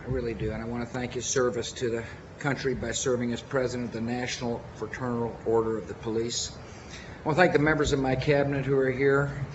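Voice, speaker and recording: A man with a Texan accent giving a formal memorial speech as president, earnest and measured, with deliberate pauses. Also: medium pitch, little pitch movement, dull audio, background noise.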